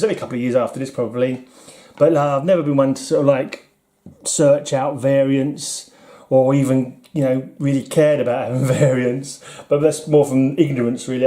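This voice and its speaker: A man's voice: medium pitch, dark tone. A middle-aged man with a British accent chatting casually and rambling while flipping through his comics, often self-deprecating and chuckling. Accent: British English. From United Kingdom. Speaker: comic collector vlogger.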